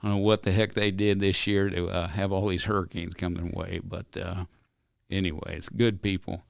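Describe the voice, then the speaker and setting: Deep gravelly-voiced man telling stories. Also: little pitch movement, moderate pace, dry recording, studio quality. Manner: folksy, earnest, rambling. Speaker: ranch company owner, podcast guest. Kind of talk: casual interview storytelling.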